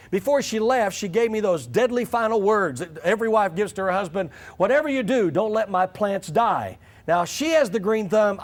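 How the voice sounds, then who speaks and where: A middle-aged man giving a humorous, folksy storytelling talk to church leaders. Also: high-pitched. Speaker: church growth speaker.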